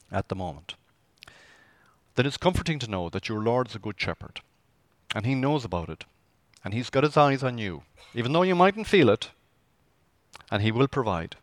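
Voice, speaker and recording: Male pastor, animated sermon delivery, dry close sound. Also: medium pitch, dry recording. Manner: lively, conversational preaching with rhetorical questions.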